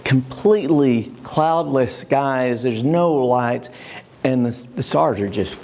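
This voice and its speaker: Older man, mid-range voice, church class teacher, storytelling, halting fillers. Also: medium pitch, vocal fry, darkish tone. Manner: storytelling, with frequent fillers and restarts.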